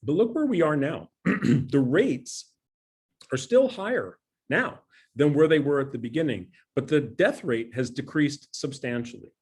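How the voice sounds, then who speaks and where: A man's voice: a little high, lively intonation, unhurried, darkish tone, breathy edge. A middle-aged man, a scientist, giving a conversational and earnest talk from his home dining room over a video call. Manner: conversational, earnest, self-deprecating. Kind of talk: presentation talk.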